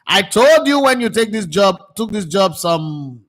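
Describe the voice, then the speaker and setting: A Nigerian man with a Nigerian accent hosts a casual football talk show. His voice sits a little high, and he swings in and out of Pidgin with lively, laughing energy. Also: unhurried. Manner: animated, mixes Pidgin with English, laughs often. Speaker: sports show host.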